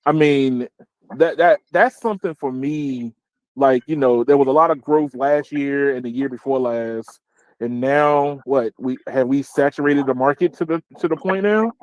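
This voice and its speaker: A man's voice: medium pitch, moderate pace, no echo, rough recording. A man hosting a casual tech talk show, jokey and slangy, often repeating words as he gets going. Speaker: host.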